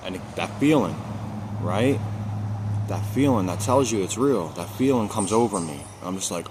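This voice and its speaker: A man's voice: fairly low pitch, moderate pace, pauses often, background noise. A man vlogging a personal story in casual speech, repeating phrases for emphasis and using street slang.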